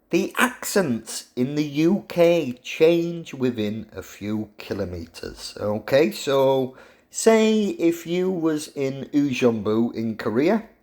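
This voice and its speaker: Playful professor, unhurried. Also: male voice, mid-range voice. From England. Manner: jokey, animated, teasing. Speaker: university professor. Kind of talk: lecture to students.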